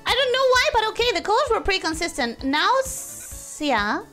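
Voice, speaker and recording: Lively high-voiced woman streamer. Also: moderate pace, faint music behind. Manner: rambling, self-interrupting, animated. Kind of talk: casual chat while drawing.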